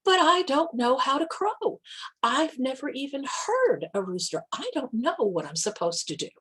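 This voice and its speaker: A woman's voice: sits high, sing-song, normal speed, fairly bright tone, husky, voice pushed up, heavily acted. A woman voicing an anxious, timid young male rooster in a children's story. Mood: worried. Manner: worried, self-doubting.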